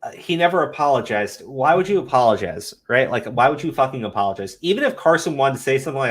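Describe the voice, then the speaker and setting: A man ranting in heated commentary chat, swearing often and mocking critics in high whiny voices. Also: sing-song, fast, hardly any pauses. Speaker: commentary podcast co-host.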